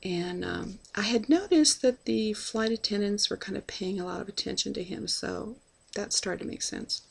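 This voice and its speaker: A woman's voice: mid-range voice, normal speed, creaky, husky. A woman casually telling a personal travel story, chatty and full of fillers as she acts out bits of dialogue.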